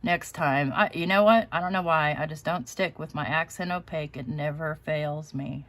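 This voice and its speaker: A woman talks casually through a live crafting session. Her voice sits a little low, and her chatty, self-deprecating manner is full of easy laughter. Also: moderate pace, a bit bright. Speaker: crafting channel host.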